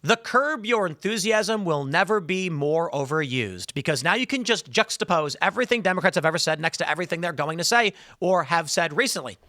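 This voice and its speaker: A man hosting a political commentary show, talking in a sarcastic, rambling way with animated asides on a close mic. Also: a little high, fast talker, hardly any pauses, dry recording. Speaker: host.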